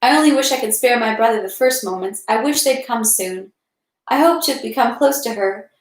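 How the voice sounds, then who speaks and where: A woman's voice: a little high, normal speed, natural voice. A woman voicing an anxious, tearful young noblewoman who pleads in a trembling voice, in an echoey room. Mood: earnest.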